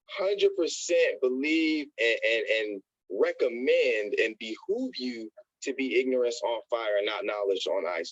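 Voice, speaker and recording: An excitable man tells a motivational story to his team in a middle-pitched voice. He repeats words and stumbles over them as he rushes on. The sound is dull and dry, as on a call. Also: slightly rough, no room sound. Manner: animated, addresses listeners as y'all, repeats and stutters. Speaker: network marketing motivational speaker.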